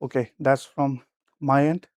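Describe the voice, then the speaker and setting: A man whose first language is not English, giving a short, hesitant business pitch full of fillers as sales and IT manager. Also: little pitch movement, measured pace, background noise. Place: festival lab presentation.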